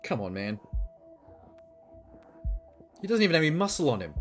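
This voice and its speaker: A man live-streaming a video game, commentating excitably, swearing often and joking about what happens on screen. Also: a little high, normal speed, faint music behind.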